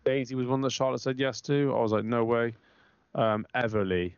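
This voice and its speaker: A man's voice: medium pitch, fast, clear, resonant tone, no room sound. A man co-hosting a casual podcast, telling rambling, swearing stories and acting out other people's lines in a raised voice. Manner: rambling storyteller, animated, quoting others in raised voice. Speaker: podcast co-host. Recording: dull lo-fi, dry.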